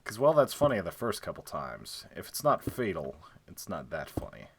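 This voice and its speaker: A young man with a very deep voice chatting loosely while he builds in a game. He rambles and jokes, drops plenty of fillers, and mutters counts under his breath. A faint hum sits behind him. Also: huge pitch swings, normal speed, vocal fry. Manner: rambling, joking, lots of "like" fillers. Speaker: game streamer.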